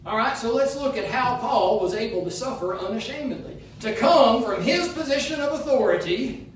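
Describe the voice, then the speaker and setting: A man's voice: extremely high pitch, lively intonation, moderate pace, a little hiss or hum. A man preaching a sermon, his delivery emphatic, with rising phrases that slip into half-singing. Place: church sanctuary. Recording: distant mic in an echoey room.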